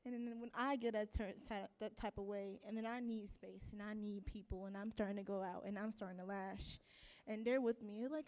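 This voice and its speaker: A woman sharing a personal story in a circle, earnest and a little halting. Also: medium pitch, fairly even intonation, darkish tone. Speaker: circle participant.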